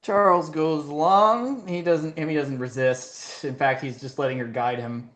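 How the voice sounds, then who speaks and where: A woman in a casual tabletop game session as a player, talking hesitantly with fillers and soft laughs. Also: a bass voice, normal speed, slight background noise.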